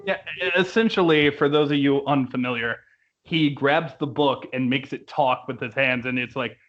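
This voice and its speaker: Heard on dull lo-fi audio, a young man of medium pitch and moderate pace chats casually about a musical he's reviewing. He laughs frequently and puts on voices when quoting its lines.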